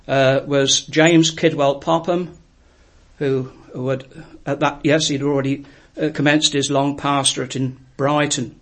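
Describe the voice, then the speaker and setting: A man preaching a sermon, telling a story in an earnest, reflective way with frequent pauses. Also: mid-range voice, flat delivery.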